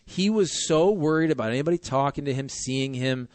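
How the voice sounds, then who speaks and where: A male sports radio host talks in a loose, animated way, tossing in jokes and quick asides. His voice sits in an ordinary middle pitch. The sound is dry and close, with no room around it. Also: no room sound. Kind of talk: casual sports radio chat.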